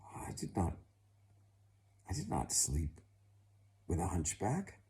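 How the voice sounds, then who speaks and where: A man's voice: low-pitched, huge pitch swings, slow, mellow, heavily acted. A man voicing an insistent, indignant young noblewoman in a told story.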